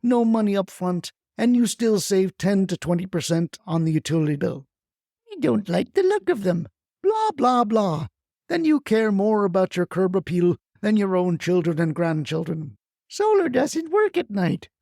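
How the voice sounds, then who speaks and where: A woman's voice: mid-range voice, big pitch swings, normal speed, creaky, dark tone, dry recording, studio quality. A performer voicing a feisty retired grandmother who rants bluntly and swears as a crusader for solar panels. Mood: ranting. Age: older. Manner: brash, scolding, blunt swearing. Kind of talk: comic audio storytelling.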